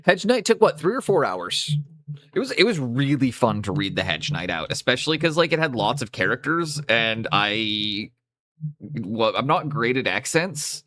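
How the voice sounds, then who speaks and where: A man's voice: medium pitch, very animated, moderate pace, bright, forceful tone, dry recording. A Canadian man chatting casually on a live stream while painting, rambling and correcting himself as he goes. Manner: rambling, self-correcting, easygoing.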